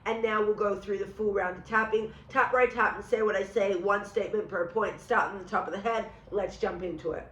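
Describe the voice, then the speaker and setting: New York woman leading calm tapping affirmations. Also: medium pitch, a little hiss or hum. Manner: calm, measured affirmations for the listener to repeat. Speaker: EFT tapping guide. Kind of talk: guided tapping session with spoken affirmations. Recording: roomy echo.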